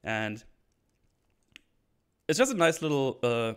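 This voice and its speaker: A man's voice: mid-range voice, big pitch swings, slow pace, smooth. A man hosting a casual episode recap, rambling with lots of restarts and fillers. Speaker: show recap host.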